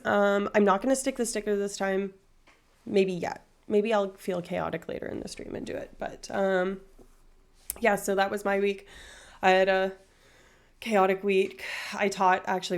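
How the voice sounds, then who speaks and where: A woman's voice: medium pitch, vocal fry, smooth. A young woman in her twenties streaming from home, chatting casually and rambling with lots of fillers. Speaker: livestreamer. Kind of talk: casual livestream chat.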